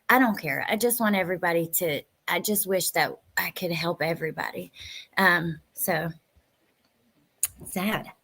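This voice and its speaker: A woman hosting a live stream, chatting casually and emotionally as she answers viewer comments, sometimes sinking to a soft near-whisper. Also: medium pitch. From West Virginia. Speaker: livestream host.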